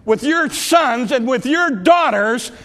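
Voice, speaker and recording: A middle-aged man, a pastor, preaching a sermon that swings from impassioned peaks down to quiet, confiding asides. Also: extremely high pitch, animated, takes it slowly.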